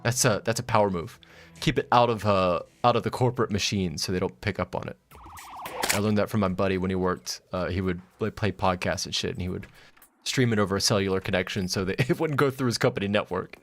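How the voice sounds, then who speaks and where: A man's voice: low-pitched, fast, slight background noise. A man with a slight Southern US accent streaming a game, rambling casually, laughing often and swearing freely. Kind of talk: casual live-stream commentary.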